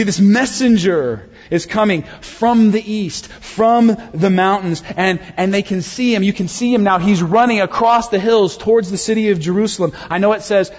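Husky-voiced preacher in a reverberant hall. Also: male voice, high-pitched. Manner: animated, dramatic storytelling with sudden quiet drops. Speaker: pastor. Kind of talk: sermon. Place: church sanctuary. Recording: dull sound with long reverb of a large hall.

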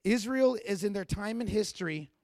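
Male pastor, high-pitched, passionate sermon delivery with stammered repeats; dry, close recording. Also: lively intonation, normal speed, dry recording. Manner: passionate preaching with loud emphatic peaks and stammered repeats.

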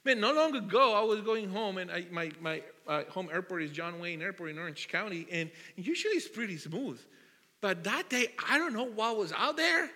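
A man preaching a sermon, telling the story in an animated way, asking the congregation questions and often restarting his sentences. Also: high voice, normal speed. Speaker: pastor. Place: church hall. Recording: long hall reverb.

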